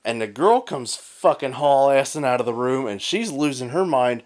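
Man, mid-pitched, rambling profane storyteller who keeps checking in with his listener. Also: expressive, moderate pace. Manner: rambling, profane, with many filler tags like "right?". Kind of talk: casual storytelling chat.

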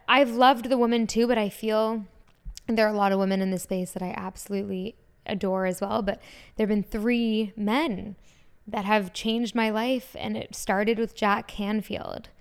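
A woman in her twenties talks casually to her podcast listeners, eager and effusive. Her voice is smooth and clean, sitting at an everyday middle pitch. She strings thoughts together with plenty of "like" and "um". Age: 20s. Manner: gushing, enthusiastic, many "like" fillers. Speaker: podcast host. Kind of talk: casual solo podcast chat.

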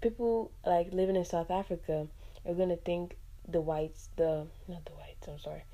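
A woman's voice: lowish voice, fairly even intonation, normal speed, warm tone. A Nigerian woman hosting a podcast, talking casually and expressively on her own, with many "like" fillers and asides. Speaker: podcast host. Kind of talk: casual solo podcast talk.

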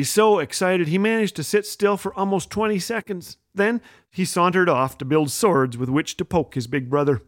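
A man's voice: high voice, no echo, clean studio sound. A middle-aged man hosting a radio show, telling wry comic stories from a script. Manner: wry, animated storytelling with voiced quotes. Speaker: radio host and humor storyteller.

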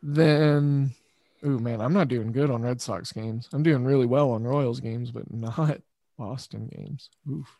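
A man hosting a casual chat show, thinking aloud in a measured way with pauses and fillers. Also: medium pitch, dark tone, no room sound. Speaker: podcast host.

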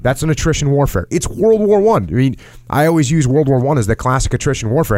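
A middle-aged man in a casual podcast talk, reading from an article and acting out quotes with lively jumps in pitch. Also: quick pace, no echo, clean studio sound. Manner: animated storyteller, acts out quotes in a raised pitch. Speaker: podcast host.

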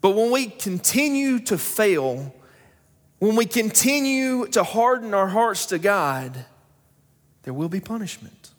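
Young male pastor, high voice, sermon, storytelling to emphatic, church hall reverb. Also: very animated, takes it slowly. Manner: storytelling, builds to emphatic preaching. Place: church sanctuary.

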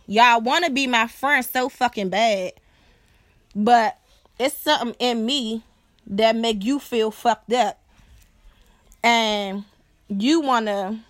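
A young woman talks casually on her podcast, swearing freely and often asking whether the listener follows her. Her voice sits somewhat high. The recording is dry, with no room sound. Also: no echo. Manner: blunt and profane, keeps asking "you know what I'm saying"; animated, acts out other people's voices. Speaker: podcast host. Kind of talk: casual storytelling monologue.

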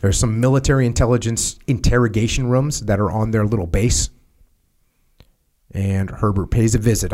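A man's voice: lowish voice, steady tone, normal speed, a little mellow. A man hosts a podcast, reading a soldier's memoir aloud. He breaks off in a conversational tone to explain details to his listeners before picking the story back up. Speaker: podcast host.

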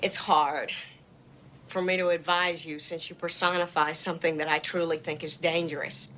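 An actress playing a sharp-tongued news producer, speaking in a blunt, scolding way in a film scene. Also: female voice, low-pitched, little pitch movement, normal speed, a little hiss or hum. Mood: cutting. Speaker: film character.

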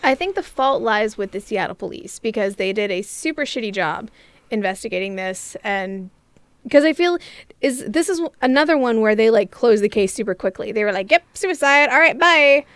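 A woman's voice: medium pitch, animated, moderate pace, smooth, no echo. A woman co-hosting a podcast in casual chat, blunt and crude with jokes. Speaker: podcast co-host.

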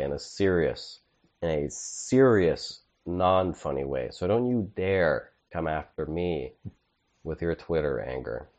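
A man's voice: deep voice, darkish tone, lo-fi sound. A man co-hosting a comedy podcast, laid-back and riffing, saying "dude" a lot. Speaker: podcast co-host. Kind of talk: casual comedic chat.

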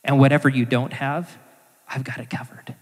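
A preacher doing God, patient and commanding, talking plainly and reassuringly. The voice rings out with a long echo in a big hall. It sits at an ordinary middle pitch for a man. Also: level tone, normal speed, a little mellow, lightly acted. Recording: echoey church hall.

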